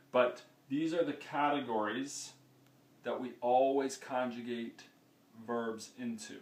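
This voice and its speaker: A man teaching a lesson, explaining patiently step by step and often checking in with "okay?". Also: mid-range voice. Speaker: Spanish teacher. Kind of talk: classroom-style lesson. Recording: echoey room, mic far off.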